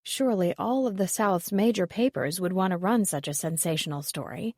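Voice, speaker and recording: A woman with a lowish voice narrating a mystery audiobook at a steady, even pace. The recording is dry and close, with no room sound. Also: fairly quick, no echo. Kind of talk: scripted narration.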